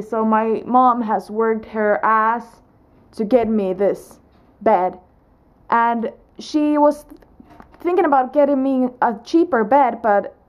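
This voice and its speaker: Young woman, high voice, slow easy pace, chatty vlog story, rambling with restarts. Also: highs cut off. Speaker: vlogger. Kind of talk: casual storytelling to camera.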